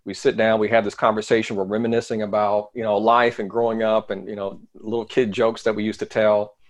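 A middle-aged man, interviewed as a guest, tells a personal story earnestly, his voice often dropping to a quiet low register. His delivery is flat and fairly quick.

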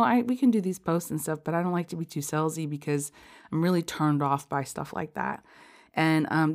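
Casting note: low-pitched woman podcast host, heavily pregnant, rambling and chatty, quick to laugh. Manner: chatty, rambling, many fillers, laughs often. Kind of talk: casual spiritual podcast chat.

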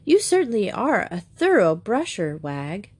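A woman's voice: mid-range voice, wildly swooping pitch, unhurried, a little mellow, breathy edge, exaggerated voice. A woman reading aloud, voicing a polite, motherly woman welcoming a guest.

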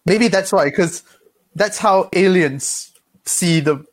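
A man's voice: high voice, takes it slowly. A man in a casual watch-along chat, wry and asking questions about the show.

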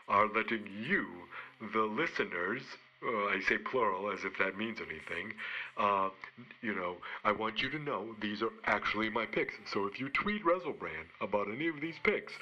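Rambling, halting man with a sharp voice. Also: lowish voice, highs cut off. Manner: rambling, halting, self-mocking. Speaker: podcast co-host giving wrestling picks. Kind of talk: comedic rambling monologue.

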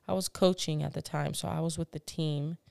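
A woman's voice: low-pitched, steady tone, a little fast, vocal fry, darkish tone, dry recording, clean studio sound. A woman co-hosting a casual podcast, telling stories in a candid, profane, laughing way. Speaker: podcast co-host. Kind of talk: casual chat.

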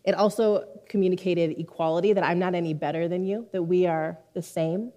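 A woman's voice: on the low side, steady tone, brisk, warm tone. A woman preaching a sermon to her church in a conversational, heartfelt way, with frequent asides. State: near tears for a moment. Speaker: pastor.

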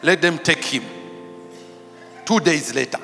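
A man preaching as a pastor, telling stories and acting out the dialogue, shouting for emphasis. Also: on the high side, unhurried, creaky. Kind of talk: preaching with storytelling. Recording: large hall with reverb, faint music.

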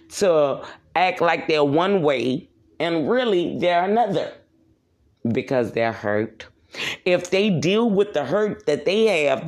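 A man's voice: a little high, darkish tone. Profane, preachy man. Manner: profane, preachy, repeats points for emphasis. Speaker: podcast host. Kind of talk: solo rant monologue.

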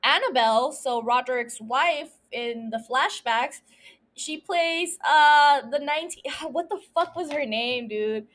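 A woman hosting a solo podcast, ranting casually and excitedly about a TV show, swearing often. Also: high-pitched, a little slow. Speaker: podcast host.

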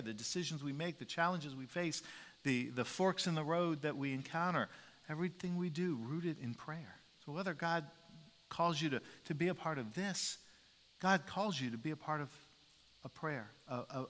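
A man's voice: a little high, moderate pace, a bit bright. Emphatic male pastor preaching in a hall. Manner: emphatic, repeats key phrases, some restarts. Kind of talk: sermon.

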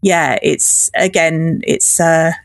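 A woman's voice: sits low, fairly even intonation, slow pace, gravelly. A woman talking in a casual interview, bubbly and enthusiastic, often breaking into giggles. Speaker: podcast guest, festival organizer.

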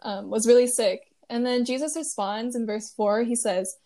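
A young woman casually retelling a Bible passage in a relaxed study chat, laughing lightly now and then. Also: on the high side, normal speed. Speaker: co-host retelling a Bible story.

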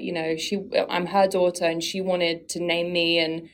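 A woman's voice: fairly low pitch, little pitch movement, moderate pace, clear, resonant tone. A woman guest on a podcast, talking candidly and reflectively about her own life in a casual conversational way, often laughing at herself.

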